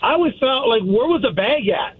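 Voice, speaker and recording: A man's voice: very high-pitched, expressive, fairly quick. A man calling in to a radio talk show, friendly and given to laughing. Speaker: caller. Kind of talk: phone-in chat. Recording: muffled phone-in line with faint hiss.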